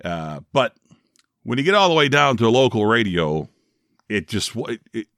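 His mid-range, slightly bright voice is very animated and moves at a normal speed, captured in a dry, clean studio recording. He's a middle-aged former radio DJ from Northeast Ohio, hosting his own podcast as a chatty, self-deprecating solo monologue.

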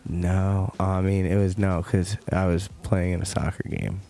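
A man's voice: deep voice, flat delivery, unhurried, vocal fry, warm tone. A man co-hosting a podcast, chatting casually in a laid-back way with short replies and stories. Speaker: podcast co-host.

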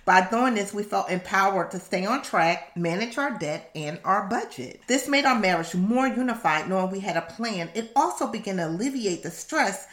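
A woman's voice: mid-range voice, moderate pace, hardly any pauses, echoey room. Emphatic woman reading her own book. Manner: assertive, emphatic and animated, with laughs. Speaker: author and podcast host.

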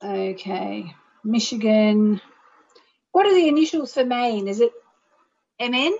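On her call-in program, a radio host and astrologer guides a meditation, leads chants, and talks warmly with callers. Her slightly high voice is gravelly and a little mellow, moving at a measured pace. The plain, reverb-free microphone cuts off the highs.

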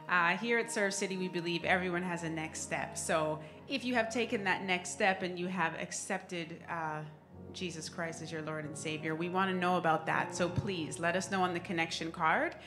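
A woman's voice: fairly low pitch, fairly even intonation, normal speed, music in the background. A woman giving friendly, casual church announcements in a large auditorium.

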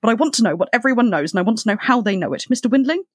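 A podcaster reading aloud as an angry young male reporter, ranting with quick insistence and a raised voice. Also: mid-range voice, lively intonation, no room sound, clean studio sound, pitched above the performer's own voice, close to an everyday voice. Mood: demanding. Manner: heated, indignant rant. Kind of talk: reading a novel passage aloud.

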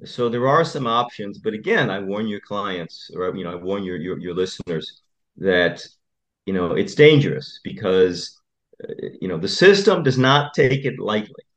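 A male attorney, appearing as a guest in an interview conversation, tells stories in an emphatic, repetitive way. His voice is on the low side and expressive, at normal speed.

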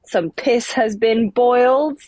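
A woman's voice: on the high side, takes it slowly, darkish tone, dry recording. Chatty British woman, dry sound. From England. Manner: chatty and loose, swears casually. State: sleepy. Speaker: podcast host. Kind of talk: casual podcast chat. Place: attic room at her mother's home.

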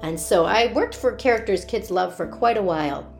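Animated woman telling party stories. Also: mid-range voice, moderate pace, vocal fry, soft background music. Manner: animated, laughs often, acts out voices. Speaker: children's party performer. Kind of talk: casual personal storytelling.

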